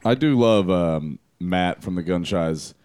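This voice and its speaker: A man chatting on a podcast in a lowish voice, rambling from one story to the next and laughing along the way. The sound is dry and close, with no room around it. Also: animated, takes it slowly, darkish tone, clean tone, no echo. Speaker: podcast co-host. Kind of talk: casual chat.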